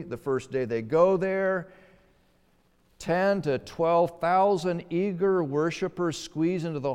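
A man's voice: fairly high pitch, smooth. Emphatic preaching man in a reverberant hall. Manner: emphatic preaching with rising and hushed passages. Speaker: pastor. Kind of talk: sermon.

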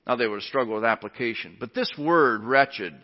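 A man's voice: medium pitch, a little fast. A man preaching a sermon as pastor, emphatic and earnest. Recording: lo-fi recording in a reverberant hall.

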